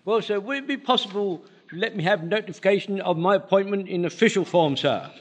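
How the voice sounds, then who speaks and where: A loyal, excitable old butcher in a period sitcom, his voice pitched very high for a man. He fusses and gushes as if he can hardly get his breath. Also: brisk. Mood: eager. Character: flustered elderly male butcher, eager and loyal. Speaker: shopkeeper and volunteer soldier.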